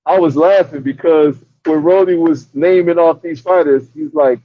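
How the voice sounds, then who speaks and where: A man's voice: a little high, moderate pace, no echo. A man giving emphatic, dismissive boxing critique as a podcast co-host. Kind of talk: casual boxing chat. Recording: dull dry lo-fi audio.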